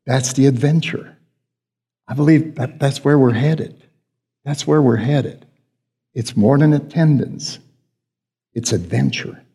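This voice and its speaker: A pastor with a mid-range, dark voice preaches slowly, leaving long pauses. His conversational sermon often turns to questions for the congregation, heard through a long hall reverb.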